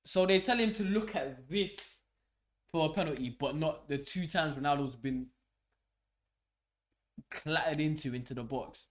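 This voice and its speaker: A young man hosting a live football watch-along, swearing and shouting at the match as it unfolds. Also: fairly high pitch, unhurried, pauses often. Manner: swearing, excitable, shouts at the game. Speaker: fan channel host.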